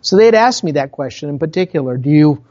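A pastor from Minnesota with a Minnesotan accent, preaching a sermon in a conversational storytelling way, full of asides to the congregation. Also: male voice, fairly high pitch, lively intonation, quick pace, a little mellow, muffled recording. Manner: conversational, with self-interrupting asides.

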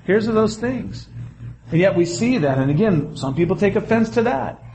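A man preaching a sermon, animated, with quick asides and acted-out quotes. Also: sits high, slight background noise. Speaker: pastor.

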